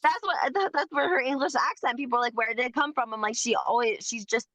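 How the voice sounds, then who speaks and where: A woman co-hosting a podcast, gossiping in an animated, slangy way. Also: fairly high pitch, fast, dry recording. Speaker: podcast co-host. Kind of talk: casual gossip chat.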